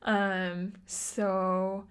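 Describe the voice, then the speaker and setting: A woman's voice: mid-range voice, flat delivery, extremely slow, clean tone. A young woman with an Irish accent, hosting her own podcast in a chatty, rambling way and laughing often. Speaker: podcast host. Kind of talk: casual chat.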